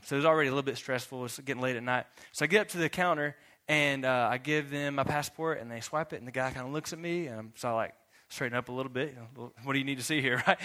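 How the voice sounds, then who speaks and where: Bright-voiced young man preaching. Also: mid-range voice. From Texas. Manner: laughs often, acts out both sides of conversations. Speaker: youth pastor. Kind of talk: casual sermon with a story.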